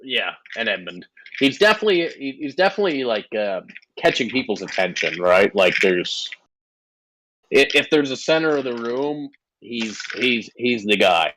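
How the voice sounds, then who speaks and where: A man's voice: mid-range voice, very animated, moderate pace, a bit bright, slight background noise, rough recording. A man narrating as game master for a tabletop game, hesitant and restarting often.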